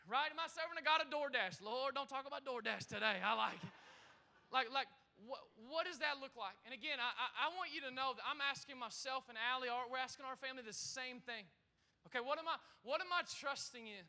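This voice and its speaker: A man in his thirties, a pastor preaching a lively sermon to a congregation, often repeating words and calling out to the room. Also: very high voice, brisk. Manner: energetic, repeats himself, calls out to the congregation.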